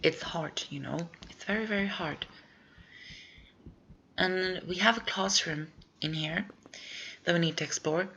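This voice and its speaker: A woman's voice: on the low side, measured pace, pauses often, sharp tone, dull audio, a little hiss or hum. A woman giving casual, rambling commentary over a video game walkthrough, thinking aloud as she plays.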